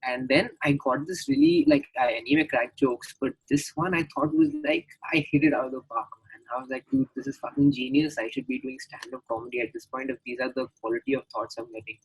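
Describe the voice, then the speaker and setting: A man's voice: mid-range voice, fairly quick, hardly any pauses, breathy edge, poor audio. A young man telling stories in a casual chat, acting out the voices he quotes. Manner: animated storyteller who acts out the voices he quotes. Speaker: podcast guest.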